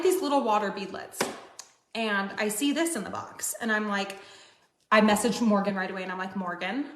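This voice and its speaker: A woman's voice: medium pitch, fairly bright tone. A woman selling a beauty line, chatting to camera in a gushing way with lots of fillers. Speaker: MLM seller. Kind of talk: excited product chat to camera. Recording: roomy echo.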